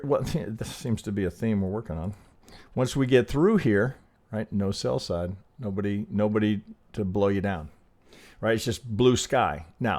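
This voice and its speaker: A man's voice: lowish voice, a little mellow. A man hosting a trading channel, walking through charts in casual, rambling talk, often asking "right?" and restarting sentences, with blunt, salty asides. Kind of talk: casual chart analysis walkthrough.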